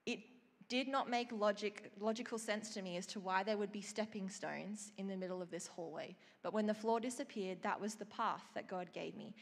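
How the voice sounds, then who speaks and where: A woman preaching a sermon, telling of a vision in an expressive storytelling way and reading scripture. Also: medium pitch, in a large hall.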